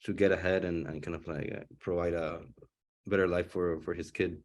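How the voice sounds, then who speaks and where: A man's voice: low voice, flat delivery, brisk. A young man and father talking about his film on a panel, thinking aloud and searching for words. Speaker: filmmaker. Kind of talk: casual panel discussion.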